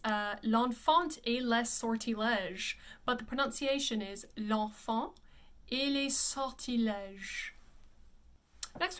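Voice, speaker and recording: A woman vocal coach giving a pronunciation lesson, enunciating carefully and slowing down to model each word. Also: a little high, a bit bright.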